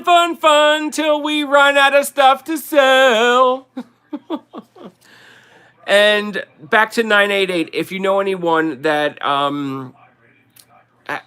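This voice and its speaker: A man's voice: a little high, bright, forceful tone, clear, resonant tone. A man with a New Jersey accent hosting a casual livestream, rambling and chatty and laughing often as he sells collectibles. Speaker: livestream host selling collectibles.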